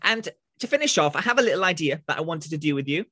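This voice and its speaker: Guy hosting a podcast, high bright voice, upbeat and tripping over words, dry close sound. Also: animated, fast talker. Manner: upbeat, effusive, stumbling. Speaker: podcast host. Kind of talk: casual podcast interview.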